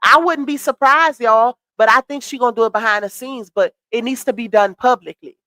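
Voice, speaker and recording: A woman hosting a casual livestream, reacting to gossip and shouting out viewers, her voice a little worn. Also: on the high side, a little fast, dry recording. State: voice slightly worn. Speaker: livestream host. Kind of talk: casual live-stream chat reading comments.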